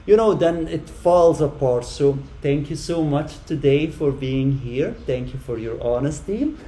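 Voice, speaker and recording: Man, high-pitched, effusive, emotional, repetitive, blows kisses, loud then hushed. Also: lively intonation, unhurried. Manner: effusive, repeating phrases, blowing kisses; frustrated and heartfelt, swinging between loud and hushed. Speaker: vlogger talking to an AI chatbot. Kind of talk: emotional direct-to-camera monologue.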